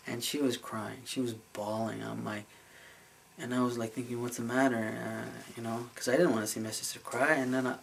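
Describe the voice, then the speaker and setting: A man recounts a dream for his vlog in a loose, earnest way, circling back with fillers and restarts. His mid-pitched voice carries a gravelly edge. A faint hiss sits under the recording. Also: a bit bright, low-quality recording. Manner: rambling, many fillers and restarts; earnest and emotional. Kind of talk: casual storytelling vlog.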